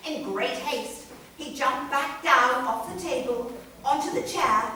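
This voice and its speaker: A woman telling a children's story aloud to a live audience, playful and expressive. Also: sits high, takes it slowly, recorded from a distance, a little hiss or hum. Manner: expressive, playful sound effects. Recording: echoey room, recorded from afar.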